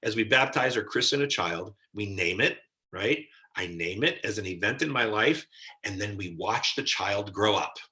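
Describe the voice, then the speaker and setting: Earnest low-voiced man teaching in an echoey room. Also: bright, forceful tone. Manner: earnest and emphatic, acts out his own inner voice. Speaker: spiritual teacher. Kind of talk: live-streamed teaching talk with viewer questions. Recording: roomy echo.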